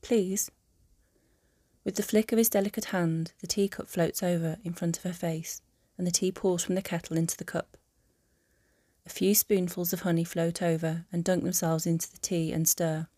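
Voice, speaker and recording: A woman narrating a fan audiobook in a calm, even storytelling manner. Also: on the low side, normal speed, no echo, studio quality.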